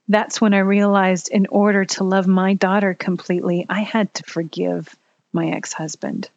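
A woman telling a personal story in a candid, earnest way, pausing at the emotional moments. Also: mid-range voice, flat delivery, no echo, highs cut off.

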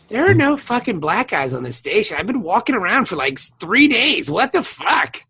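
A man's voice: sits high, big pitch swings, normal speed, pushed and bright, husky. A tired man co-hosting a podcast in casual chat, rambling and crude, laughing often. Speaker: podcast co-host.

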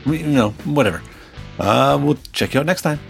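A man's voice: medium pitch, lively intonation, fairly quick, vocal fry, faint music behind. A man hosting his podcast in a chatty, rambling, joking way. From Canada. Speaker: podcast host. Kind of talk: casual podcast chat.

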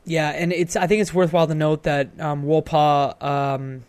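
A man with a somewhat high speaking voice chats casually on a gaming podcast. He rambles, restarts sentences and leans on fillers. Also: level tone, normal speed, darkish tone, clear, resonant tone, dry recording. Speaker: podcast co-host. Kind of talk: casual game discussion.

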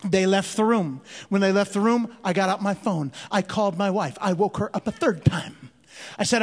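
High-pitched male comic, animated church stand-up, hall reverb. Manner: animated, drawn-out comic delivery. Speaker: comedian. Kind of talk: stand-up storytelling. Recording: long reverb of a large hall.

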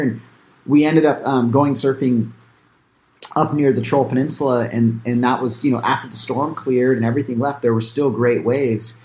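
A man's voice: medium pitch, fairly even intonation, moderate pace, darkish tone, roomy sound. A man, a filmmaker being interviewed, talking casually with many fillers and restarts. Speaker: filmmaker guest.

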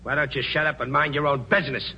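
A bitter, grieving army sergeant, curt and sarcastic, with a gravelly, fry-edged voice of middling pitch. It comes through a lo-fi 1940s radio broadcast with a faint hiss underneath. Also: male voice, fairly even intonation, quick pace, pushed and bright, full character voice. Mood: angry. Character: bitter, grieving male ground crew sergeant.

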